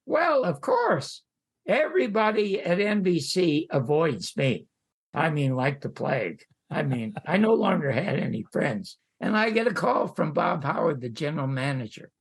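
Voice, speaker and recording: An older man, a podcast guest, tells a long show-business story in an animated way, jumping into other people's voices as he quotes them. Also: on the high side, normal speed, vocal fry, slightly rough. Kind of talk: anecdotal storytelling.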